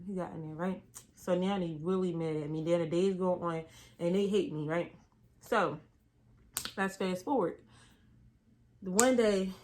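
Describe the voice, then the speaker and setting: A young woman tells a story from work in a laid-back vlog, in a voice of ordinary, middle pitch. She is animated and slangy and leans hard on her emphasis.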